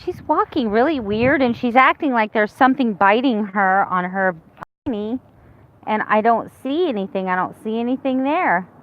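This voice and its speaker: A woman in her fifties vlogs to camera in a casual, candid, rambling chat with many restarts. Her voice is a little high with lively intonation at normal speed, and the sound is lo-fi.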